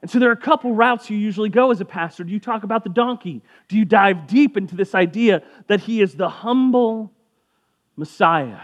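A pastor with a high voice gives a brisk, casual sermon, conversational and jokey, briefly acting out the voices of people in the story.

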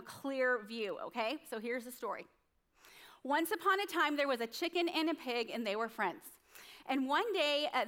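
A woman pastor delivers a sermon in a high, bright-pitched voice. She speaks conversationally, telling stories and asking the congregation quick tag questions along the way.

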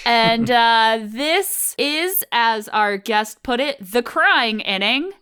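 Bright-voiced woman podcast host. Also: a little high, lively intonation, slow pace, clear, resonant tone. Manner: chatty, laughs often while talking. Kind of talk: casual chat.

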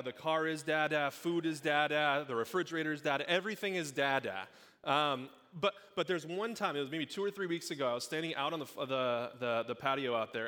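A man's voice: a little high, sharp tone. A young adult man preaching a sermon, talking in a conversational, jokey way with asides to a live congregation in a church. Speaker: pastor.

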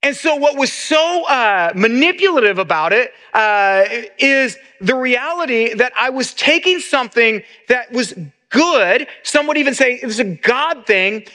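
A man's voice: very high voice, expressive, a little slow, pushed and bright. A middle-aged man, a pastor, preaching a sermon in an earnest way, often repeating words as he restarts.

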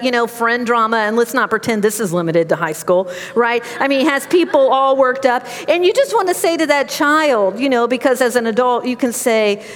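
Middle-aged woman preacher, slightly high voice, chatty storytelling sermon, long hall reverb. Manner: conversational storytelling, animated. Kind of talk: sermon with personal stories.

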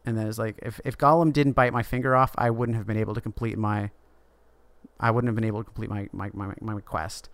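Guy on a book podcast, smooth clear voice, dry close sound, recapping the story casually. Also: lowish voice, fairly even intonation, no room sound. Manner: retelling the story with quick acted-out quotes. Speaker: podcast co-host. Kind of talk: casual book discussion chat.

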